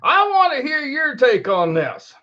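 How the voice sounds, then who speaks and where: A man's voice: very high-pitched, sing-song, unhurried. A man in his fifties hosting a casual call-in show, laughing constantly and talking loosely. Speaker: host. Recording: dull lo-fi recording.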